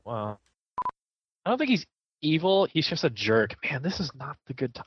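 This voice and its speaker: Lively jokey man on a podcast. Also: a little high, moderate pace, breathy edge, no echo, highs cut off. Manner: jokey, rambling, laughs often. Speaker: podcast co-host. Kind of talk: casual chat.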